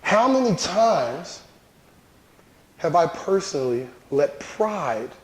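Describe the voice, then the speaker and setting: High-voiced man telling an animated story. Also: takes it slowly. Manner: animated, repeats a catchphrase for laughs. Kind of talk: storytelling talk. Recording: echoey room.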